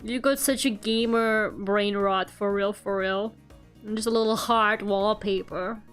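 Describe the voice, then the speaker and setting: A woman's voice: medium pitch, steady tone, measured pace, fairly bright tone, clear, resonant tone, faint music behind. A young woman streaming as a VTuber while she draws, chatting casually with viewers, giggling often and swearing now and then, her throat a little sore from a cold. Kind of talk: casual live-stream chat while drawing.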